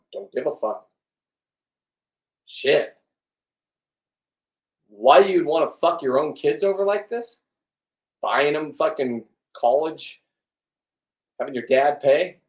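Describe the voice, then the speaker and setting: A middle-aged man in a rambling, blunt vlog monologue, swearing often and restarting his sentences. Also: mid-range voice. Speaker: vlogger. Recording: echoey room, distant from the mic.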